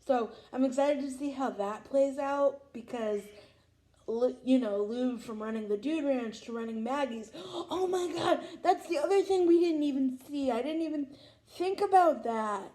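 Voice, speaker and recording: A woman's voice: high voice, moderate pace, warm tone. A young woman hosting a vlog, chatting about a show as an emotional, gushing fan. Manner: gushing, emotional, lots of "oh my God". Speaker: vlog host. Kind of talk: casual fan reaction chat.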